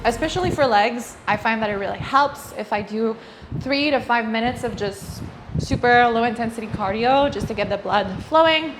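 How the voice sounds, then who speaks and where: A woman's voice: on the high side, normal speed, music in the background. A young woman talking casually to the camera about her workout in a home garage gym, chatty, with fillers and small laughs. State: out of breath at times. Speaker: fitness vlogger.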